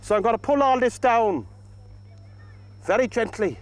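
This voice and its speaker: An Irish man giving a painting demonstration outdoors by a lake, talking gently and coaxing the paint onto the canvas. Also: very high voice, expressive, moderate pace, pauses often, poor audio. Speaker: painting instructor.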